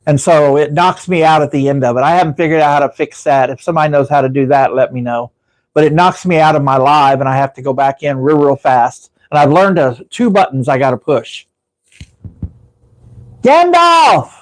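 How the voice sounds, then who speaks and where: A man's voice: medium pitch, fairly quick. A man hosting a casual live stream, rambling through stories and chatting with viewers as their comments come in. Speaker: livestream host.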